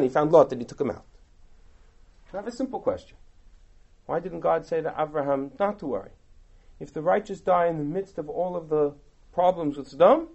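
Rabbi teaching a class: a man with a lively, swinging delivery and a slightly high voice, who quotes and translates verses. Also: husky, muffled recording. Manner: animated, rhetorical questions, recites and translates Hebrew verses. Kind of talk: text study lecture.

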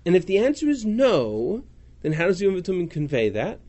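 Male teacher, higher voice, animated and lively, reading passages aloud and explaining them. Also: a little fast. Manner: animated, reads Hebrew and Aramaic then translates. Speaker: Talmud class teacher. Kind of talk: text study class.

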